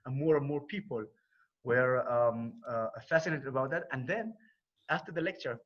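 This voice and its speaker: A man's voice: medium pitch, moderate pace. A man with an Arabic accent talking earnestly to a group, often repeating words as he searches for them. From Israel. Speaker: speaker on a conference call. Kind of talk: informal talk to a group. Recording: dull lo-fi call audio.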